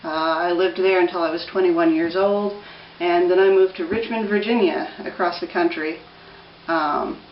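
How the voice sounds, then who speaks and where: A woman's voice: lowish voice, slight background noise. Rambling woman, distant and roomy. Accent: Pacific Northwest American. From Pacific Northwest US. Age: 30s. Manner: rambling, relaxed, many ums. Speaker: vlogger. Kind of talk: casual rambling vlog. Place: room with an open window. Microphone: camera on a tripod. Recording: roomy, distant, dull home-camera sound.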